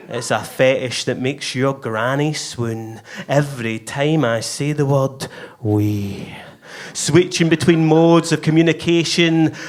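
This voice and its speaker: A man from Scotland with a Scottish accent, performing his own poem live at a venue in a rhythmic, emphatic way. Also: mid-range voice. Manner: rhythmic, emphatic delivery with playful voice shifts. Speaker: performance poet. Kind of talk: live spoken word poetry.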